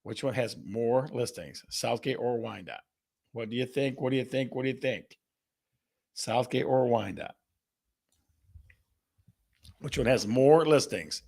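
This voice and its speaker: This male host of a live real estate stream runs an energetic, repetitive call-and-response game, reading viewers' guesses and asking questions again. He speaks unhurriedly in a mid-range voice with vocal fry and long pauses.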